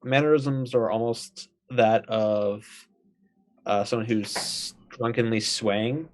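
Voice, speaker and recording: A man's voice: medium pitch, fairly even intonation, slow. A man playing a tabletop game, describing his character's actions in a hesitant way. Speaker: player.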